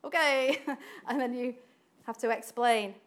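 A woman preaching a sermon in an animated way, acting out quoted voices and laughing often. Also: fairly high pitch, measured pace.

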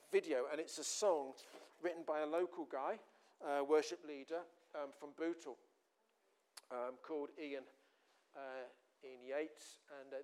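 A man's voice: fairly high pitch, darkish tone, clean tone. A man preaching a sermon, earnest and repeating phrases for emphasis.

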